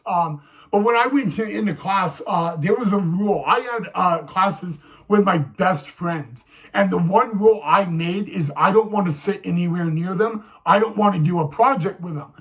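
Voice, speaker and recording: A young man telling a personal story to camera, halting, with many fillers and restarts. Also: high-pitched, a bit bright, poor audio. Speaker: vlogger.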